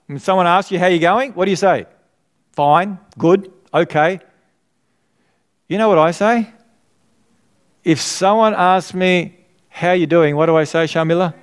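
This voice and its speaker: A middle-aged pastor with a high, clear, resonant voice preaches a sermon at an unhurried pace, pausing often. He's earnest and conversational, and he keeps asking the congregation questions so they'll fill in his words.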